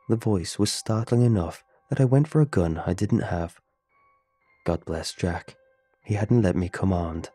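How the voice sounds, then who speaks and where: Deep, husky horror story narrator. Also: male voice, a little slow, dark tone, faint music behind.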